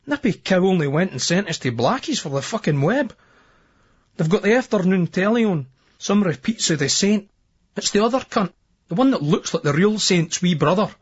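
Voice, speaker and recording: Husky Scottish man reading a novel. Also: high-pitched, animated, normal speed. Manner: brash, crude, swaggering young man's voice. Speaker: audiobook narrator. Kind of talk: first-person novel narration. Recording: dull lo-fi remastered old tape.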